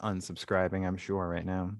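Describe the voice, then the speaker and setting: A man co-hosting a podcast in casual joking chat, dropping deadpan crude one-liners. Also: low-pitched, normal speed, no room sound, studio quality. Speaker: podcast co-host.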